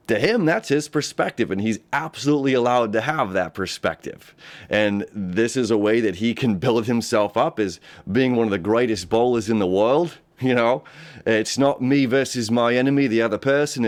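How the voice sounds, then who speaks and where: A man, hosting a casual astrology talk, rambling and repeating himself, and often laughing. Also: medium pitch. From United States. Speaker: astrology host. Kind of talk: casual spoken horoscope talk. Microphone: camera setup.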